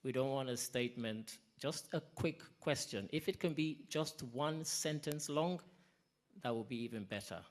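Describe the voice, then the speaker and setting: A man's voice: medium pitch, moderate pace. A man chairing a panel at a public event, speaking emphatically with self-deprecating asides. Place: conference hall.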